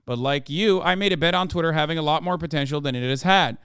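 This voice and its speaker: Guy doing a icelandic accent reading a letter out, kinda high, smooth. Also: quick pace, a bit bright, no echo, clean studio sound, natural voice. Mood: earnest. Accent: put-on Icelandic. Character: man reading his own open letter in Icelandic accent.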